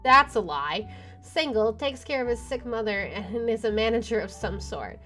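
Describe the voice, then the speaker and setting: A woman's voice: a little high, lively intonation, normal speed, bright, forceful tone. A woman streamer reading a visual novel aloud, with wry asides and swearing. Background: game music.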